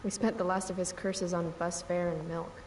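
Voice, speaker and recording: A woman playing a rebellious teen girl with a dry, mocking, deadpan delivery, as in a story-driven video game. The voice sits back from the mic, carried as game sound under a light hiss of background noise. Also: fairly low pitch, moderate pace, lightly acted. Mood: wry. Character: sardonic rebellious teenage girl. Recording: faint distant game audio, light noise.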